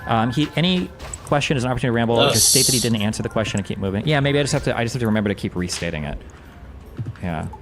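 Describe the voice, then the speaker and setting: A man's voice: mid-range voice, lively intonation, rapid-fire. Man, streamer, reacting off the cuff; rambling, self-mocking, swears freely, with faint music underneath. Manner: rambling, self-deprecating, profane. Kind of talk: casual commentary while gaming.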